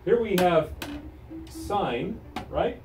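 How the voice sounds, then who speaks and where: Male string-class teacher, lively pitch, distant mic with the ensemble playing. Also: very slow, over music. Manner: animated, counts the class in, call-and-response drills. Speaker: music teacher. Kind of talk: classroom instruction. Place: school music room with string ensemble. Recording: echoey room, recorded from far off, strings playing.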